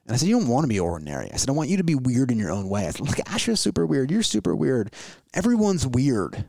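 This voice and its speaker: A man's voice: mid-range voice, wildly swooping pitch, quick pace, vocal fry, darkish tone, no echo. A middle-aged man hosting a podcast, talking casually in a loose, rambling way with many fillers and restarts. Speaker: podcast host. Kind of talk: casual conversational chat.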